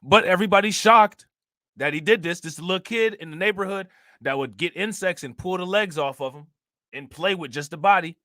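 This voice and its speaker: A man's voice: high voice, brisk, pushed and bright, no room sound, clean studio sound. A man hosting a commentary channel, talking to his viewers in an emphatic, heated way, full of rhetorical questions. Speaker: reaction channel host.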